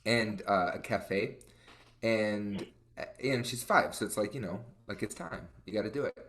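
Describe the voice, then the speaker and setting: A young man co-hosting a casual chat, telling stories with lively quoted voices and lots of fillers. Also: lowish voice, normal speed. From Colorado. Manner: animated storyteller, acts out quotes. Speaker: co-host.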